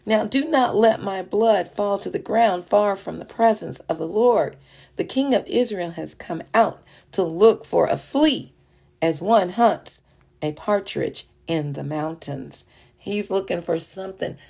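A woman with a medium-pitched, warm voice and some vocal fry hosts a devotional podcast, reading a Bible passage aloud and then explaining it chattily with small laughs. It's casual Bible teaching, recorded as a podcast voice message.

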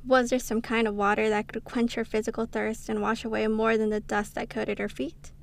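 Gravelly-voiced woman reading a devotional. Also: a little high, level tone, fairly quick. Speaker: podcast co-host.

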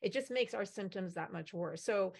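Gen x woman on a video call, chatty, acts out little quotes, mid pitch. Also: moderate pace, vocal fry, darkish tone. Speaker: panelist, company founder. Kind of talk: casual panel discussion.

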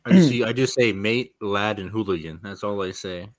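Low voice, dry close mic, rambly nostalgic co-host who chuckles. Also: male voice, moderate pace, no echo. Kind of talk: casual chat.

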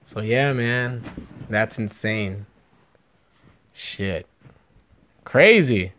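A man's voice: lowish voice, drawn-out words, fairly bright tone, slight background noise. A man in his twenties talks casually as a podcast host. His speech is loose and rambling, packed with fillers and swearing. He has a Californian accent. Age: 20s. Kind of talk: casual chat.

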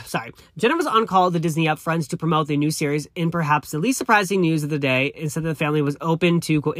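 Here a campy, gushing podcast host in his thirties reads pop culture gossip alone, tossing in asides, addressing listeners as honey, and often fixing his own words. The voice is high with a sharp edge, recorded in clean studio sound with no echo.

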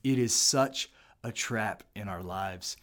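A man's voice: lowish voice, takes it slowly, a bit bright. A middle-aged man giving an earnest motivational talk to fathers, repeating his key points and often checking in with "right?". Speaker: speaker on fatherhood.

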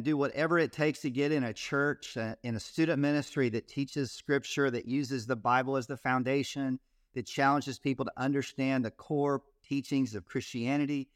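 Youth minister dude telling stories on a podcast, mid voice, lots of restarts, dry close sound. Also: male voice, mid-range voice, no room sound. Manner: animated storyteller, frequent repeated starts. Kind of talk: casual interview, storytelling.

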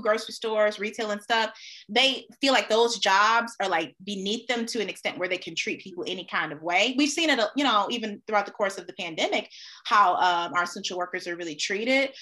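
A woman in casual chat with a high voice that leaps all over the place. Her tone is bright and sharp. She talks in an animated way, swearing freely and laughing often.

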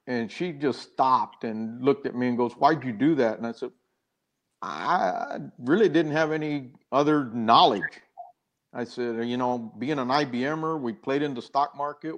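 A man's voice: mid-range voice, normal speed. An older man, a guest in an interview, earnestly telling a personal story with many restarts and acted-out quoted dialogue.

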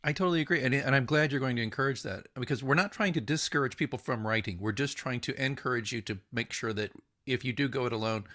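A man from the United States hosting a podcast interview, talking in an animated, emphatic way and laughing easily. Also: medium pitch, fast talker. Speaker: podcast host. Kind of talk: casual interview chat.

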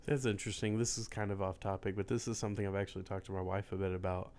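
A man co-hosting a casual sports podcast, measured and making joking asides. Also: low voice, little pitch movement, a little mellow, clean tone. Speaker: podcast co-host.

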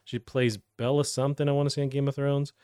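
A man's voice: mid-range voice, flat delivery, fast talker, warm tone, smooth, no echo, clean studio sound. A man hosting a gaming news show, talking in a loose, rambling way with many fillers. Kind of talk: casual gaming news chat.

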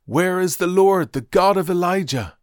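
An earnest, devoted young prophet in a spoken Bible story, as a male reader puts him on, pleading and sincere. The voice sits a little higher than the reader's deep narration, and the sound is dry and close. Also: normal speed, no echo, natural voice. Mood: crying out.

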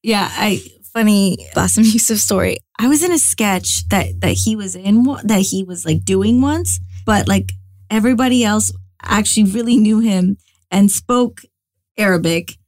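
Young american woman comedian chatting on a podcast, fast restarts and fillers, mid pitch. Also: dry recording. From United States. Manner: chatty and animated, lots of filler words and restarts. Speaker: guest, actress and comedian. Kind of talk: casual interview chat.

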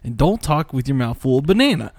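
A man's voice: mid-range voice, big pitch swings, quick pace, a little mellow, no echo. Male podcast host, casual banter, swears a lot, dry close sound. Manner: swears freely, teasing.

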